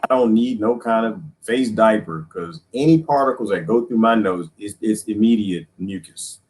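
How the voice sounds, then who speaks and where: A man hosting a casual chat, rambling and animated, laughing often. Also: fairly low pitch, normal speed, rough recording. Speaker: host.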